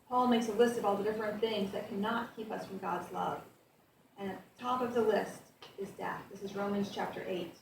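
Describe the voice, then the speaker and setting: A woman pastor giving a conversational sermon, reading scripture with lively emphasis. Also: mid-range voice, noisy background. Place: church sanctuary. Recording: echoey church heard from a distance.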